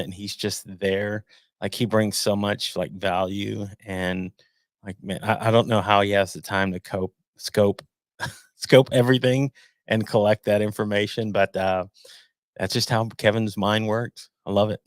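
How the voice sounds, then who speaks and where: A man speaking as a guest on a live podcast stream, talking casually and rambling, often restarting his sentences. His voice sits fairly low, and the sound from his home webcam setup is dry and close, with no room echo. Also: fairly even intonation, moderate pace.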